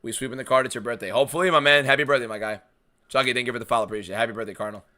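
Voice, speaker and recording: Blunt American guy, bright forceful voice. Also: medium pitch, steady tone, very fast. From United States. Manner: blunt, swears freely, answers chat questions offhandedly. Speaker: streamer hosting a fight watchalong. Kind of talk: casual live-stream chat, reading viewer questions.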